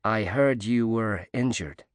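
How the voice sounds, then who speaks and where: A cheery, gracious young American woman athlete, as a male narrator puts her on, speaking with warm, gently emphatic sincerity. The voice sits fairly low and comes through dry and close, with no room sound at all. It is a storybook thriller reading. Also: slow pace, dry recording.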